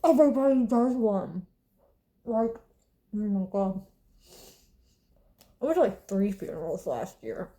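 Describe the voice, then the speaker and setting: A woman's voice: mid-range voice, very animated, takes it slowly, pauses often, warm tone. A woman of twenty-one, chatting casually and bluntly, swearing freely and breaking into laughs and sighs. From Southern United States. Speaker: vlogger. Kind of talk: casual chat while eating.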